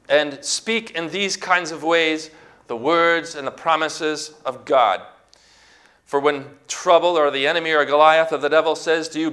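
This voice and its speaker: A male pastor preaching an emphatic sermon, urging and exhorting his listeners and rising to shouts. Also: a little high, normal speed.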